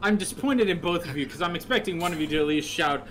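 A man's voice: on the high side, animated, fast, a bit bright, a little hiss or hum. A man in a casual gaming chat, with dry, sweary banter.

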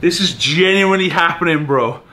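A man in his twenties with a Welsh accent, vlogging from a hotel room, swinging from loud shouting to mumbled asides. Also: fairly high pitch, moderate pace, very noisy. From Wales. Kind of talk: comedic vlog monologue.

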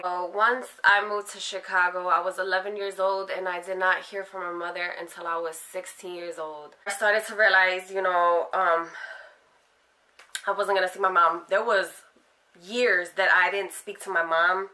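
A woman's voice: on the low side, fairly even intonation, moderate pace, bright, forceful tone. A young adult woman frankly recounting her own life story in a casual interview, full of fillers. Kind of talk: candid personal storytelling.

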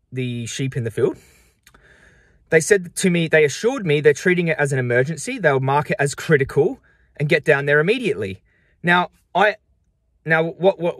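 Upset young man, high agitated voice. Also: a bit bright, dry recording, studio quality. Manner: agitated, emphatic, repeating himself in bursts. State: upset and frustrated. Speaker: vlogger. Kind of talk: defensive monologue to camera.

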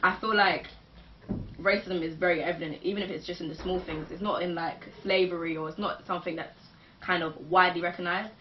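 A young woman giving a measured, thoughtful opinion as a guest in a casual group chat. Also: on the low side, fairly even intonation, muffled recording, background noise. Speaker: panel guest.

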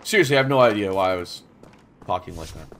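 A man's voice: sits low, expressive, fast talker, noisy background. A man in his thirties streaming a game, chatting casually with chat and swearing as he plays. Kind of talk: casual gameplay commentary.

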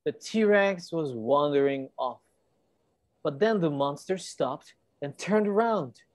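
A woman's voice: low voice, lively intonation, slow, a little mellow, no room sound. A woman teacher reading a storybook aloud to children on a video call and patiently explaining the words.

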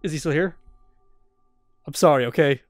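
A man's voice: on the high side, moderate pace, no echo, clean studio sound, faint music behind. A young man playing a horror game blind, jumpy and swearing, laughing nervously as he talks through the scares. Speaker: let's play host.

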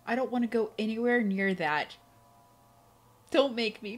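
A woman's voice: on the high side, a little slow. Jumpy, swearing woman playing a game. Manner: jumpy, profane, laughing reactions. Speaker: let's play gamer. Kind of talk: live gameplay commentary.

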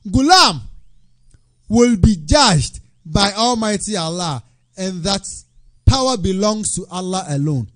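High-voiced animated man. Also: slow pace. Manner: animated and preachy, shouting at times. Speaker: Islamic radio presenter. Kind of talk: religious talk show.

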